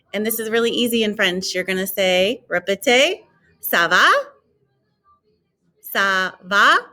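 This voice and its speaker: A woman French teacher giving a recorded classroom lesson, modeling each French word in a raised, drawn-out voice for students to repeat. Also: medium pitch, bright, forceful tone.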